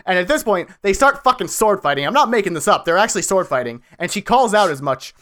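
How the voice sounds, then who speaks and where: A co-host on a casual podcast, retelling a film scene in an animated, giggly way and swearing now and then. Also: mid-range voice, fast. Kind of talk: casual podcast movie recap.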